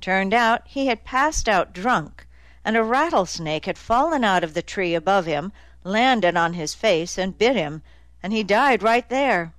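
A woman's voice: mid-range voice, animated, measured pace, fairly bright tone, dry recording. A woman voicing a hard-edged male detective who is sardonic and cutting, in an audiobook. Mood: deadpan. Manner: dry, cutting, needling. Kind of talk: audiobook character voice.

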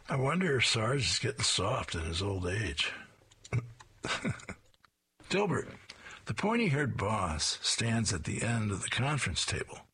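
Raspy-voiced man reading comics aloud. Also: on the low side, sharp tone. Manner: descriptive, with chuckled asides. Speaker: comic strip reader.

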